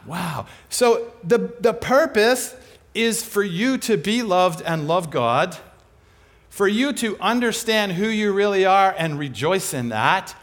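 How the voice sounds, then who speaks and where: A man delivering a sermon, his voice a touch higher than most men's and swinging widely in pitch. He talks conversationally and with energy, firing off rhetorical questions and answering them himself. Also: fairly bright tone. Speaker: preacher.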